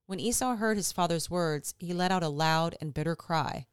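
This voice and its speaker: A woman hosting a podcast, reading scripture aloud in a steady, measured way. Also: lowish voice, clean tone, dry recording, studio quality. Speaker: podcast host.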